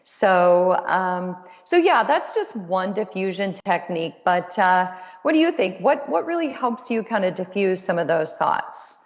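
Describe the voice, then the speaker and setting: Speaking at a measured pace in a medium-pitched voice with big pitch swings, this woman host and counselor keeps her webinar talk casual and encouraging, chatty and self-deprecating. Long reverb and dull lo-fi audio color the recording.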